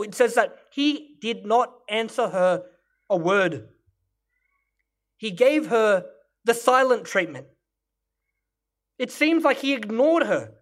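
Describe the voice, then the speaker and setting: A man's voice: very high-pitched, a bit bright. A male pastor delivering a sermon, explaining scripture and Greek word meanings in a teaching manner.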